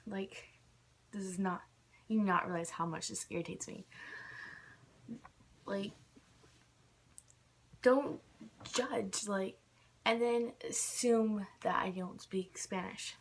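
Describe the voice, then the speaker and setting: A woman's voice: medium pitch, slow, long pauses. A young woman ranting casually to camera, irritated, filling her talk with "like" again and again. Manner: irritated, fills with "like" constantly. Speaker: vlogger.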